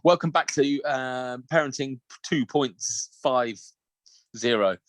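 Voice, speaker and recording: A man's voice: medium pitch, slow, dry recording. A man co-hosting a casual podcast chat over a video call, laughing often, swearing freely and reading listener messages aloud. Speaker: podcast co-host.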